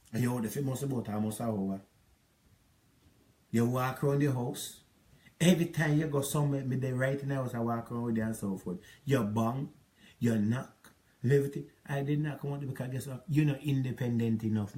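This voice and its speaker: A Jamaican man delivers a long rambling monologue, scolding someone who is not there. He circles back to the same points again and again in a mid-pitched voice. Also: moderate pace, pauses often, warm tone. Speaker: relationship advice vlogger. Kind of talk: ranting monologue to an ex.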